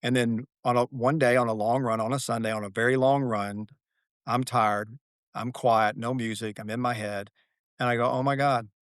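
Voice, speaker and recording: Male guest, middle pitch, earnest storyteller who leans on repetition; dry, close sound. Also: little pitch movement, normal speed, no room sound. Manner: earnest, dramatic storyteller who repeats key phrases. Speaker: guest, author and athlete. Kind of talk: reflective podcast conversation.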